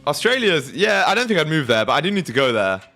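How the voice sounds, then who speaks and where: A man's voice: on the high side, very animated, fast, pushed and bright, soft background music. A young man hosting a trading livestream, talking loosely and crudely while reading out viewers' messages. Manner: loose, crude, reads chat aloud. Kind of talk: casual livestream chat.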